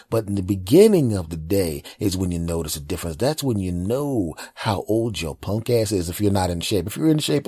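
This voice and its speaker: A man in his forties hosting a comedy podcast, telling rambling stories in an animated way. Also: sits low, slightly rough, no room sound. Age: 40s. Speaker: podcast host. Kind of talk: comedic monologue.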